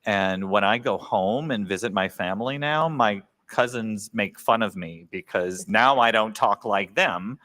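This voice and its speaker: A man from New Orleans with a General American accent, a guest on a live podcast, talking in an animated, chatty way. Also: fairly low pitch, measured pace, few pauses. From New Orleans, US South.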